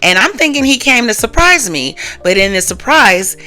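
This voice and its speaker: Lady doing sassy best friend voice, pushy, gets emotional, bright tone. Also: a little high, sing-song, normal speed. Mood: distressed. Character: sassy young woman, impatient best friend.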